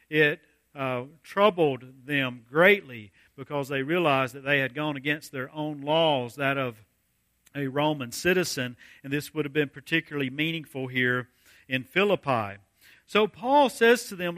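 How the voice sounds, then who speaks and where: A man preaching an expository sermon as pastor, reading scripture aloud and slowing deliberately to stress key phrases. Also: a little high, pushed and bright, dry recording.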